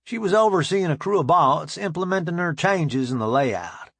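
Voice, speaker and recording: A man narrating a first-person audiobook in a measured way with dry humor. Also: on the high side, lively intonation, fairly bright tone, breathy edge, no echo.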